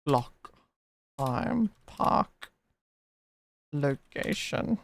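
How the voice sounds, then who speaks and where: A streamer playing a game live, calling out slow one-word guesses with long pauses between them. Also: mid-range voice, gravelly, no echo. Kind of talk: live-stream gameplay, calling out single words.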